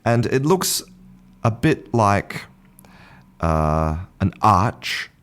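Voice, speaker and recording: Low-voiced man explaining casually. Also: sing-song, drawn-out words, fairly bright tone. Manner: chatty, restarts and repeats words, self-deprecating. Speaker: podcast host, English teacher. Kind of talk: casual spoken lesson. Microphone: podcast microphone.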